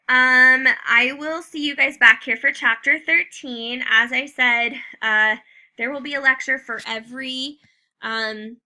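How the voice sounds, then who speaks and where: A woman teacher talks through a recorded lesson in a loose, chatty way, leaning on fillers as she goes. Her voice is very bright and a touch high. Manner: casual, chatty, many fillers. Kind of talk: recorded class lecture.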